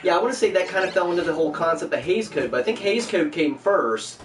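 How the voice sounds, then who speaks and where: A man's voice: sits high, lively intonation, fast talker, reverberant. Joking male podcast host, noisy distant mic. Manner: joking, chatty, self-deprecating. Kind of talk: casual podcast chat. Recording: distant mic with background noise.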